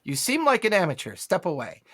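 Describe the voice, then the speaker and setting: A man's voice: sits high, wildly swooping pitch, brisk, bright, forceful tone, husky, exaggerated voice. Man voicing a dismissive gnome craftsman, curt and grumpy.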